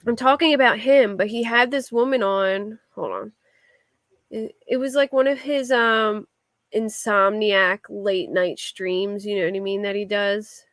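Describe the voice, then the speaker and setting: A woman's voice: mid-range voice, steady tone, measured pace, a bit bright, no echo. Philly-accented woman streamer, loose casual chat full of fillers, mid-range voice, dry room. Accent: Philadelphia. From Philadelphia. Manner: rambling, with frequent "like" fillers. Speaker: livestreamer. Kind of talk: casual chat answering a live chat.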